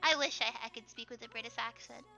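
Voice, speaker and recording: A young woman with a squeaky voice, chatting casually and laughing often while she draws on a livestream. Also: quick pace, gravelly, pushed and bright. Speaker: streamer. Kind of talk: casual chat while drawing on stream. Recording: dull lo-fi stream audio with faint music.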